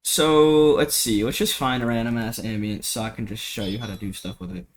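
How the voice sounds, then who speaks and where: A man's voice: mid-range voice, fairly even intonation, brisk, a little hiss or hum. A young man giving a casual, rambling music production tutorial at home, full of slang, fillers and swearing, into a cheap desk mic. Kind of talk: casual screen-recorded tutorial.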